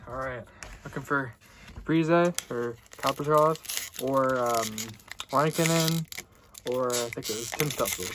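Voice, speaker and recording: A young man hosting a casual card-opening video, chatting loosely and getting excited at good pulls. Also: mid-range voice, background noise. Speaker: card-opening channel host.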